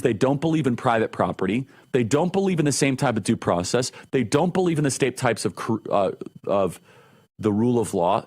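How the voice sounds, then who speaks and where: A man hosting a talk show, delivering an opinionated monologue with emphatic, repeated phrases. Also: medium pitch.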